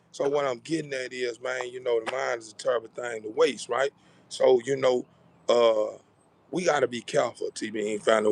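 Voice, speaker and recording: This vlogger's voice is mid-range and gravelly. He rambles through a casual motivational talk for his channel's viewers, repeating words and keeps checking whether they follow with "you know what I'm saying".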